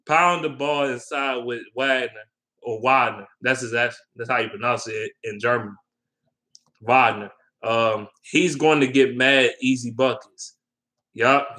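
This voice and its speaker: This young man, a sports vlogger, speaks a little slowly with fairly even intonation in a bright, forward, middle-pitched voice. His casual, off-the-cuff sports talk wanders from opinion to opinion, slangy and loose, with many ums and restarts.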